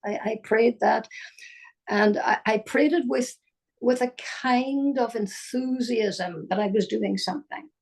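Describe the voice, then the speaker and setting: An older woman giving a slow, musing spiritual talk, dropping at times into soft whispers. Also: fairly high pitch, creaky. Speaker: spiritual teacher. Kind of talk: reflective spoken talk.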